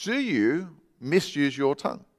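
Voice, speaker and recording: A middle-aged man preaching a sermon, conversational, dropping from loud to hushed for emphasis. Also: fairly high pitch, sing-song, measured pace, in a large hall. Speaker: pastor. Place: church.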